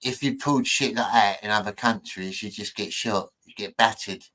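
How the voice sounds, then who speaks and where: Low, rambling streamer. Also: male voice, moderate pace, very noisy. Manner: rambling, jokey and boastful. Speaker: streamer reacting to clips. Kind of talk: casual chat.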